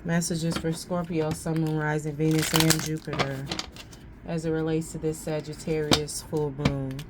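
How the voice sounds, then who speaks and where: A woman's voice: low voice, flat delivery, moderate pace, heavy background noise. A woman giving a casual tarot reading, thinking aloud in a slangy way and repeating phrases as she goes. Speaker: tarot reader.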